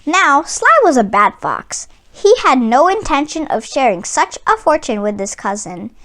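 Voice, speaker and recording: A woman reading a picture book aloud for children, taking her time over each line. Her voice is high, bright and animated. She narrates with gentle, expressive storybook pacing. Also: measured pace. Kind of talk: read-aloud storytelling for kids.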